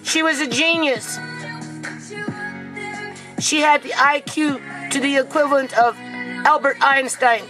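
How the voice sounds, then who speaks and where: A woman's voice: sits high, fairly even intonation, a little slow, long pauses, over music, low-quality recording. A grieving mother talking to camera in an emotional vlog, near tears, who keeps asking "okay?" and calling out to "people".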